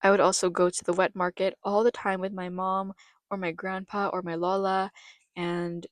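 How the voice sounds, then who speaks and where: A woman's voice: medium pitch, little pitch movement, moderate pace, no room sound. A young woman from the Philippines, telling chatty, nostalgic and emotional childhood stories on her podcast. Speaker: podcast host. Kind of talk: personal storytelling podcast.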